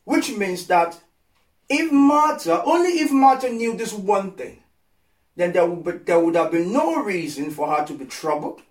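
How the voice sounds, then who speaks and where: High-voiced impassioned male preacher, echoey. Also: very animated, unhurried. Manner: impassioned, repeats phrases for emphasis, swings from hushed to loud. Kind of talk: sermon. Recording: echoey sound from a distant mic.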